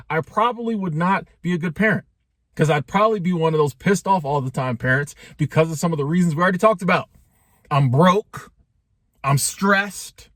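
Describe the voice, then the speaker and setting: A vlogger in his forties delivers a casual talking-head monologue in a voice that sits high and sounds a bit bright. He jokes around conversationally, full of slang and asides to his viewers, in a studio-quality recording with no echo.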